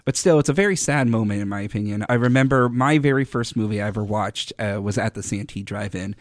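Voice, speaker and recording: A man's voice: on the low side, no room sound. A young adult man hosting a casual local news chat, conversational and opinionated. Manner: conversational, opinionated, quick asides. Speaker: host.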